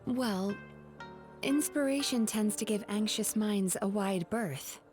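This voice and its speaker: A woman voicing a calm young female therapist who speaks softly and soothingly in a game. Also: mid-range voice, slow, music in the background, natural voice. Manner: soft, gentle and soothing. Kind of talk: game voice acting.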